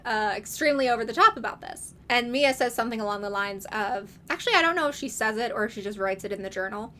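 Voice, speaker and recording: A young adult woman casually recapping a book series, animated and laughing often as she acts out dialogue. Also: fairly high pitch, fast talker.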